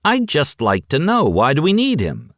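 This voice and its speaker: A man reading an audiobook, voicing a brash, boastful loudmouth man in a raised, cocky voice. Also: on the high side, wildly swooping pitch, dry recording, clean studio sound, pitched above the performer's own voice. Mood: nervously pushy. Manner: blustering, quick and cocky.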